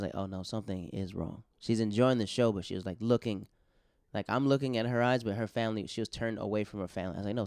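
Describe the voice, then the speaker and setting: A man who is a stand-up comedian, chatting casually and acting out voices in animated stories. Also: on the low side, clean tone, no echo, clean studio sound. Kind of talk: casual podcast chat.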